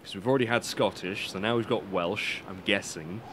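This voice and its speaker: A man's voice: fairly low pitch, a little fast, few pauses, fairly bright tone, a little hiss or hum. Chatty British man reading game text. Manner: chatty, reads game text aloud in plain voice, swears, self-mocking. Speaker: let's play commentator. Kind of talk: casual gameplay commentary reading dialogue aloud. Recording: game music playing behind.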